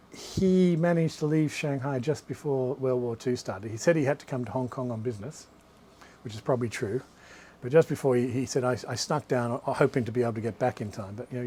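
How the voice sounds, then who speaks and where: Fast-talking male author, rambling asides. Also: mid-range voice, a little mellow, husky. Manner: rambling, anecdotal, many restarts and asides. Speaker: author presenting his books. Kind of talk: live talk to a small audience. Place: bookshop.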